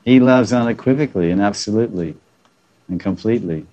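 A man's voice: fairly low pitch, quick pace, lo-fi sound. A man giving a devotional lecture as a spiritual teacher, chuckling at his own jokes and acting out the voices of the people he quotes.

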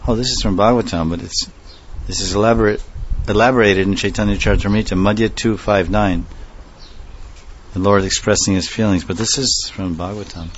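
A man giving a scripture class, explaining the text with pauses and small asides. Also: lowish voice, steady tone. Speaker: scripture teacher. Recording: dull lo-fi recording with faint noise.

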